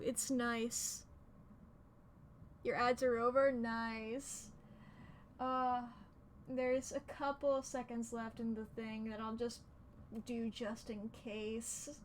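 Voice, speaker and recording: High-voiced woman streamer, unhurried. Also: a little hiss or hum. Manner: excitable, swears freely, laughs often. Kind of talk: casual gaming commentary.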